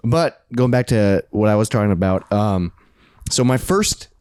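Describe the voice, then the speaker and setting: A man's voice: on the low side, lively intonation, measured pace, a little mellow, clean tone, no echo, studio quality. A man in his late twenties, co-hosting a podcast in casual chat, blunt and profane, laughing often. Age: 20s. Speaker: podcast co-host.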